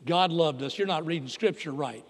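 A middle-aged man preaching a sermon as a pastor, moving between hushed, intimate lines and loud, emphatic preaching. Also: a little high, moderate pace, slightly rough. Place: church sanctuary. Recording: long reverb of a church hall.

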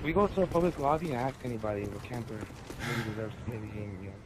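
A man's voice: mid-range voice, very fast, very noisy. A man giving crude, taunting gameplay commentary. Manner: taunting, crude trash talk. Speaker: gaming commentator. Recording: loud gunfire from game audio.

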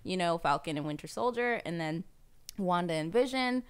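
A woman hosting a podcast in casual chat who laughs often and jumps up in pitch when she quotes people. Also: lively intonation, normal speed, smooth. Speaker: podcast host. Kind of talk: casual chat reacting to a movie trailer.

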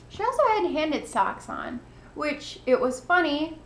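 A woman's voice: high-pitched, expressive, takes it slowly, roomy sound, a little hiss or hum. A woman hosting a knitting podcast, chatting casually and gushing with thanks. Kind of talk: casual chat to camera.

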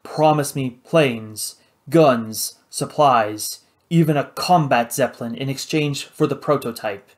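A man voicing a cold, proud ex-soldier hijacker in an audiobook, speaking low, clipped and hissing. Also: slow, lightly acted. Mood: grave. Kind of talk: audiobook character voice.

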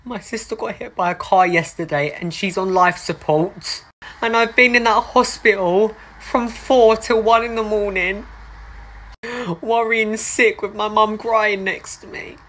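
A woman's voice: mid-range voice, steady tone, a little slow, fairly bright tone. A woman acting out a school comedy sketch in an indignant, crude, ranting manner.

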